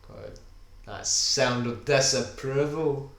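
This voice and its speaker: A man's voice: mid-range voice, slow, fairly bright tone. A man co-hosting a casual podcast, chatting enthusiastically while they watch an episode, with lots of "kinda". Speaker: podcast co-host. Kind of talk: casual chat over a viewing. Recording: echoey room with faint ambient noise.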